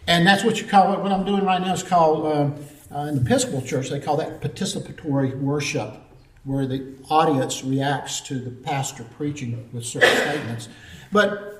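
Earnest pastor preaching in an echoing church. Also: male voice, on the high side, fairly even intonation, normal speed. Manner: earnest, storytelling, call-and-response preaching. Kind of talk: sermon. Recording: roomy echo, distant mic.

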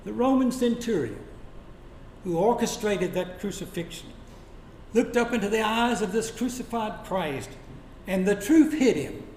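A man preaching a sermon, telling Bible stories dramatically and dropping to a hush for quoted lines. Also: high-pitched, expressive, a little slow. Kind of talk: sermon storytelling. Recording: echoey room with faint noise.

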